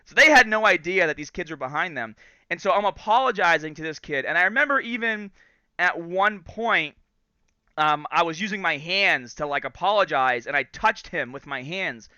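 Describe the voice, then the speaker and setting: A man in his thirties hosting a podcast, telling a story casually and in an animated way, acting out the quotes. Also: fairly high pitch, normal speed, clear, resonant tone, dry recording, muffled recording. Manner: animated storyteller, acts out quotes and laughs often. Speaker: podcast host.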